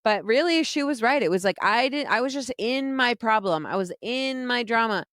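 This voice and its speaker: A woman's voice: on the high side, lively intonation, moderate pace, fairly bright tone, dry recording, studio quality. A woman telling her own story frankly, laughing often and poking fun at herself. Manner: frank, self-mocking, laughs often, casual swearing. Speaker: vlogger telling a personal story. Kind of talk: candid personal storytelling.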